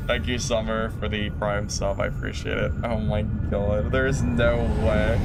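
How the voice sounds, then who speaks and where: Exasperated male game streamer. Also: a little hiss or hum. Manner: animated and exasperated, quick exclamations with big pitch jumps. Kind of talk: live gameplay stream chat.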